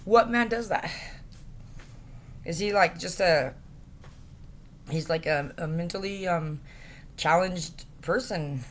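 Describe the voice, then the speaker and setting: A woman with a low voice rants into her phone camera in a rambling, distressed way. She halts often, leans on fillers and swears freely. A faint hiss of background noise sits behind her. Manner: distressed, halting, profane, with many fillers. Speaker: vlogger. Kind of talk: rambling direct-to-camera rant.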